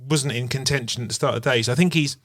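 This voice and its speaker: Man, casual golf podcast chat, rambling storyteller, mid pitch, dry close mic. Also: very fast, dry recording. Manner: rambling, animated storytelling full of "like" and "you know". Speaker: podcast co-host.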